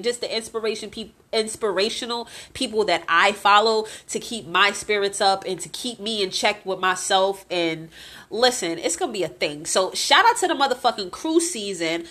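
A woman in her late twenties hosts her own podcast and speaks candidly about her life. Her talk is blunt and heavily profane but heartfelt. Her voice sits at an ordinary middle pitch for a woman. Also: a little fast, fairly bright tone. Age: 20s. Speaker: podcast host.

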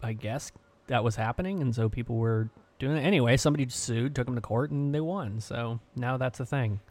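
A man hosting a casual home podcast, relaxed and halting, often restarting his sentences. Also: mid-range voice. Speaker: podcast host. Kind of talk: casual chat.

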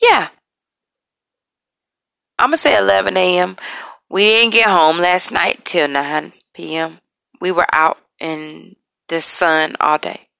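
A woman hosting a podcast, talking about personal struggles in an emotional, halting, apologetic way, and she is tired. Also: on the low side, creaky, sharp tone, dry recording. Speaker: podcast host. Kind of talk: personal confessional talk.

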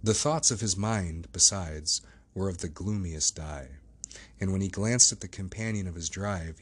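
A man narrating a classic novel as an audiobook, in a steady, measured reading. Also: sits low. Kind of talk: scripted narration.

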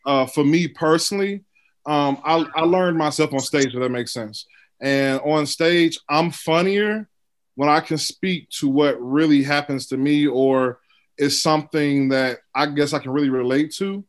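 A man's voice: on the high side, a little slow. A man comedian in a panel discussion, speaking hesitantly with many fillers.

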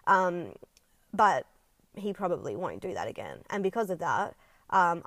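A woman's voice: medium pitch, dry recording. A woman talking in a casual, reflective monologue, earnest and rambling, with frequent ums and casual swearing. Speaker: vlogger.

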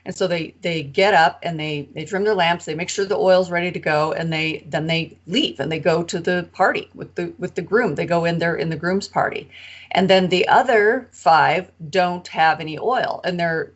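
A woman co-hosting a podcast, retelling a parable in an animated, casual way. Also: lowish voice, dull audio. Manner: animated retelling with acted-out quotes. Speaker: co-host of a Bible study podcast.

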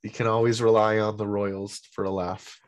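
A man hosting a podcast in casual chat, upbeat and quick to laugh. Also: lowish voice, little pitch movement. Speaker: podcast host.

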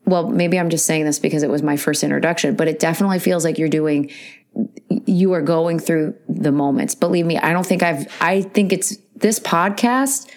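Excitable woman co-host, lowish voice. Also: normal speed. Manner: excitable, laughs through her words. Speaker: podcast co-host. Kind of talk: casual chat.

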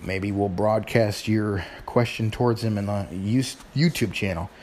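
A man's voice: fairly low pitch, steady tone, measured pace, a little mellow, slight background noise. A middle-aged man hosting his show in casual chat, rambling informally with sighs and restarts. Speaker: podcast host.

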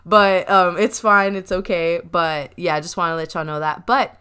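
A woman's voice: on the low side, fairly even intonation, moderate pace, pushed and bright, a little hiss or hum. A young woman hosting a casual chat, talkative and laughing often, with a habit of saying y'all. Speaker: podcast host.

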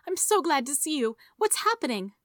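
A woman voicing an anxious, gentle young woman in a storybook reading. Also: high-pitched, very animated, brisk, no echo, studio quality, pitched above the performer's own voice. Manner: pleading, soft-hearted.

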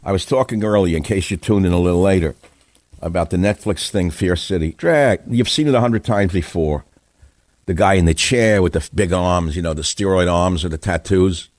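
A man's voice: low-pitched, expressive, fairly quick, darkish tone, no echo. A man in his seventies hosting a talk radio show, giving an opinionated, rambling and sardonic monologue into a studio microphone. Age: 70s.

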